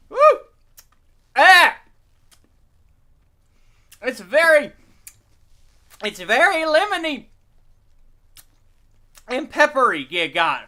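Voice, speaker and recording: Loud swearing stream guy, voice jumps all over, bright and sharp. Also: very high-pitched, takes it slowly, pauses often. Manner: rambling, profane, animated, reads chat aloud. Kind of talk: casual live-stream chat.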